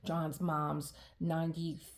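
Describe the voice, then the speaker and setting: A woman's voice: low voice, monotone, unhurried. A middle-aged woman chatting casually while she crafts at home, rambling and restarting her sentences, with frequent fillers and laughter. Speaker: diamond painting vlogger.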